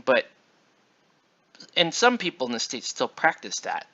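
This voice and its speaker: A tired man talks casually while he paints, drifting from point to point and restarting his sentences. His voice is bright and forceful. The recording is dull and lo-fi. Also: fairly high pitch, animated, measured pace, long pauses. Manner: rambling, many fillers and restarts. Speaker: miniature painting channel host.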